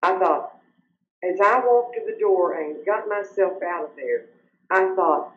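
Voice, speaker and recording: An older woman, earnestly telling her personal story as an interview guest, sometimes halting when upset. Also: on the low side. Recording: roomy, muffled remote audio.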